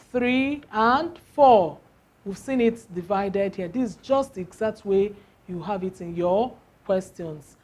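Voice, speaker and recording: A woman teaching a lesson, asking questions and answering them herself, stretching out example words. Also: mid-range voice. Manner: slow, drawn-out emphasis on example words. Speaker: English teacher. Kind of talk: classroom lesson.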